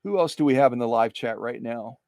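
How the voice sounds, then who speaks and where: A middle-aged man hosting a livestream about restoring sewing machines chats casually while packing a machine in his workshop, repeating phrases and poking fun at his own slips. His medium-pitched voice is brisk and a little mellow, captured at studio quality with no echo.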